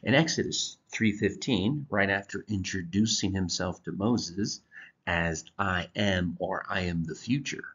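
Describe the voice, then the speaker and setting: A man teaching a Bible lesson from slides, explaining deliberately with occasional halting restarts. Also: sits low, fairly bright tone, slightly rough. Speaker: church teacher. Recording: dull lo-fi recording.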